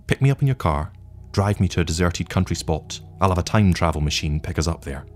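A man voicing a calm, wry, menacing agent from the future who speaks in a measured, languid way. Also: low-pitched, soft background music, natural voice. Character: cold patient male agent from the future, menacing.

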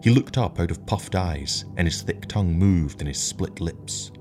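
Deep-voiced man narrating a story. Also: animated, normal speed, music in the background. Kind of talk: audiobook narration.

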